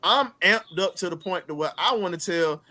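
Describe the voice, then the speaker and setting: A man hosting a sports talk show, hyped and trash-talking, dropping low and then shouting. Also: animated, normal speed. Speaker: host.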